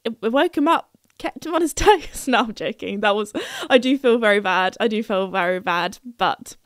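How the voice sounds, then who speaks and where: A woman's voice: fairly high pitch, dry recording, studio quality. A young woman hosting a podcast, telling a story in a chatty, playful way and laughing at herself. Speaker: podcast host.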